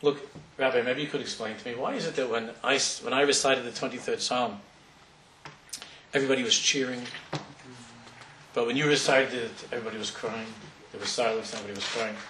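A man's voice: mid-range voice, steady tone, fairly quick, bright, forceful tone, slight background noise, lightly acted. A man voicing an earnest young man who questions an old rabbi in a sermon story. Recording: roomy hall from far off.

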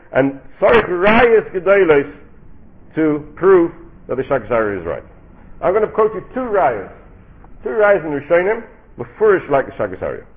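Man teaching Talmud, lively rising-falling delivery, brisk, over a tinny line. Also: a little high. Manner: sing-song questioning, answers own questions. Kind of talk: animated Talmud lecture. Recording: tinny phone-like recording.

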